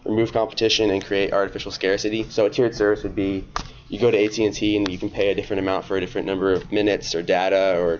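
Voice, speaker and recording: A slightly hoarse male student giving a class presentation, talking casually with many fillers. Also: on the low side. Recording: dull lo-fi classroom recording.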